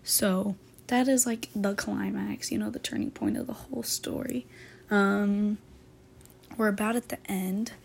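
A woman's voice: medium pitch, steady tone, measured pace, vocal fry, slight background noise. A woman casually retelling a book's plot as host of a book talk episode, chatty and loaded with "like" fillers. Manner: chatty, filler-heavy, says "like" constantly.

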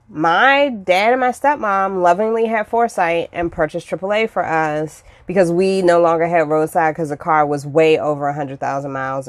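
A woman from Washington, D.C., telling personal stories in a casual, expressive way, with chatty asides and acted-out reactions. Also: fairly low pitch, no echo. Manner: expressive, acts out her own past reactions; chatty, with frequent fillers and asides.

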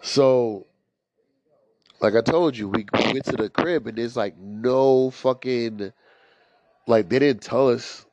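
A man's voice: mid-range voice, slow pace, pauses often, darkish tone, no room sound. A young man telling a story in a casual, rambling way, swearing often and leaning on filler words. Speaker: storyteller host. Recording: dry, slightly dull lo-fi recording.

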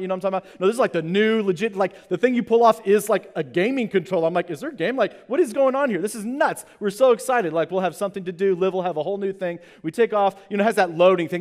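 A man in his thirties, a pastor telling a comic personal story in his sermon, acting out the people in it. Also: high voice. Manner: animated, comic storytelling with acted-out quotes. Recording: long hall reverb.

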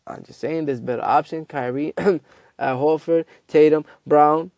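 A man with a fairly high but mellow voice spins a comedic tale, cutting himself off and jumping into other people's voices. The sound is dry and close, with no room around it. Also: unhurried, no room sound, highs cut off. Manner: animated, acts out quotes, self-interrupting. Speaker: host. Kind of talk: casual comedic storytelling rant.

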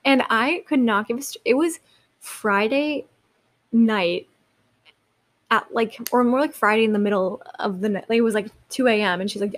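A woman's voice: a little high, brisk. A young woman hosting her own podcast, talking casually and rambling, with many likes and restarts. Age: young adult. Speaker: podcast host. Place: seated in a chair.

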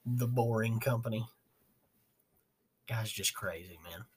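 A man's voice: on the low side, takes it slowly, slightly rough. A man hosting a podcast, rambling casually, laughing and swearing. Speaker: podcast host. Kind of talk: casual chat.

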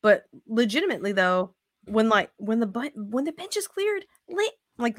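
A woman's voice: on the high side, normal speed, no echo, studio quality. A woman hosting a casual sports podcast, cursing freely and acting out players' voices. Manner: profane, animated, acts out quotes. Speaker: podcast host.

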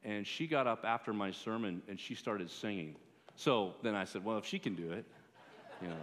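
A man preaching a sermon as pastor, in a measured way that rises for pleas. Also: lowish voice. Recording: long hall reverb.

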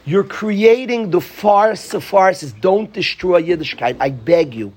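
Husky high-voiced man lecturing students. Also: takes it slowly, darkish tone. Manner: impassioned, pleading, joking with students. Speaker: rabbi teaching a class. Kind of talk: Torah class lecture to students.

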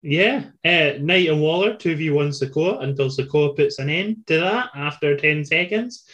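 A man's voice: fairly high pitch, expressive, normal speed, a bit bright, highs cut off. A man recapping wrestling in casual chat, joking and laughing often. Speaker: podcast co-host.

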